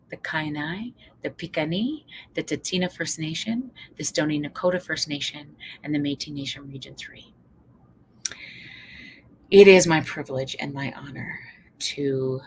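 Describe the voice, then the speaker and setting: A woman psychologist from Canada giving a motivational talk, lively and acting out quoted voices. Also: a little hiss or hum, poor audio. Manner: lively, acts out quoted voices with big pitch jumps. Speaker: psychologist and speaker.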